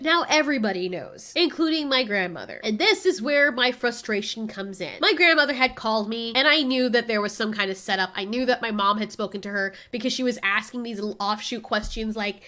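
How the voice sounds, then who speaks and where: A woman ranting casually to her camera, exasperated and sarcastic, swearing freely and mimicking other people with sudden pitch jumps. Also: bright, forceful tone. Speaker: vlogger.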